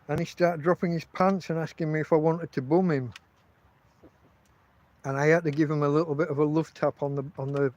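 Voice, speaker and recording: A man with an English accent talks casually on a livestream from inside his tent. His voice sits high for a man, and he rambles through profane stories, stopping and restarting his sentences. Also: dull audio. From England. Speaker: podcast host.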